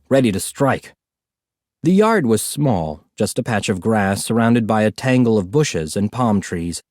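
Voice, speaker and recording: Animated male storybook narrator. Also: medium pitch, no room sound, studio quality. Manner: expressive, animated reading. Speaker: audiobook narrator.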